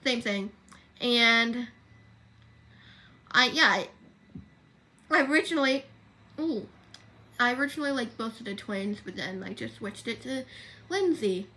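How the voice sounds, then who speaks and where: Chatty higher-voiced girl rambling on livestream. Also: expressive, a little slow, long pauses, bright, forceful tone. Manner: rambling, self-correcting, chatty. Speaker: livestream host. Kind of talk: casual rambling livestream chat.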